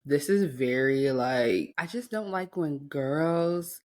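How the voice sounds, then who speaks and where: Deep-voiced, sassy woman co-host. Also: animated, slow, a little mellow. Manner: confident, sassy, self-described aggressive. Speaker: podcast co-host. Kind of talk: casual chat.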